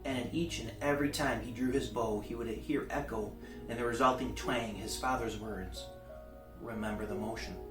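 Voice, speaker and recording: A man's voice: mid-range voice, moderate pace. Man reading a novel in a roomy space. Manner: relaxed, with small restarts. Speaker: reader. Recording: roomy, distant mic, faint guitar music.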